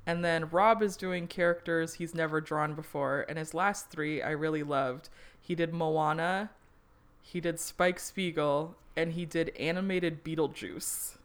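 A woman's voice: low-pitched, a little slow. A woman co-hosting a podcast, chatting casually with frequent fillers and easy laughter. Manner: relaxed, filler-heavy, laughs easily. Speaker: podcast co-host. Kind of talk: casual chat.

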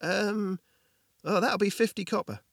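A man's voice: high voice, measured pace, no echo, clean studio sound, voice pushed up. A man voicing an eager, talkative village blacksmith who gets a bit flustered.

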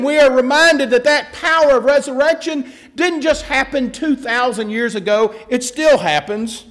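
A man's voice: very high voice, fairly bright tone. A man pastor giving a conversational sermon, telling a joke with self-deprecating asides.

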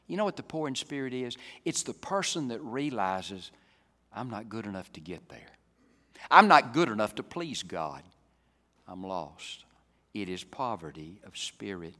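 A man preaching a sermon, swinging from loud, emphatic climaxes down to soft, low passages. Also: lively intonation, measured pace. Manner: dynamic, rising to loud emphatic peaks then dropping soft. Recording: reverberant hall.

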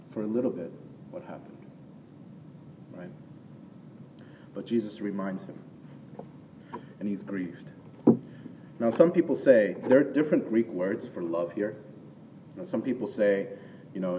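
A man's voice: on the low side, dark tone, a little hiss or hum. A man preaching a sermon in a conversational way, often checking in with "right?" and rising into emphatic bursts. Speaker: pastor. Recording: long hall reverb, from far off, faint ambience.

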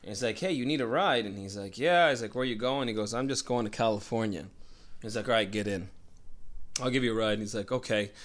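A man's voice: on the low side, fast. Guy telling a story, swears constantly, does all the voices, just chatting. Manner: profane, rambling, acts out voices. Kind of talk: casual chat, telling a story.

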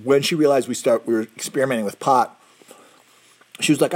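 A man's voice: mid-range voice, fairly quick. A middle-aged man telling a long personal story in a rambling, self-correcting way.

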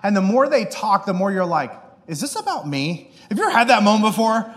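A man preaching a sermon through an animated, self-deprecating personal story, acting out the people in it. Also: high voice, quick pace, in a large hall.

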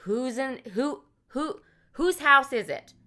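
An unhurried male emergency dispatcher who never quite listens, asking each question in a flat, plodding way, mimicked by a woman. Her bright, clear voice makes the bored tone stand out. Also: sits high, pitched above the performer's own voice, exaggerated voice. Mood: dismissive. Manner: plodding, dismissive.

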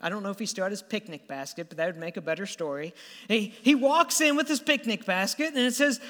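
A man preaching a sermon as animated, conversational storytelling with stammered restarts, in a church hall. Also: high voice, fast talker. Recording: long hall reverb.

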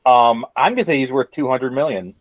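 A man's voice: medium pitch, fairly quick, no echo. Wisecracking man, dry close sound. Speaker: podcast co-host. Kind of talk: casual podcast chat.

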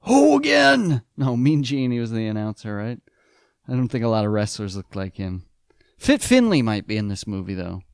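A man's voice: on the low side, big pitch swings, brisk, darkish tone, smooth, no echo, clean studio sound. A man riffing on a movie with sarcastic, wisecracking asides. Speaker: movie riffer. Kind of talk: riffing commentary over a movie.

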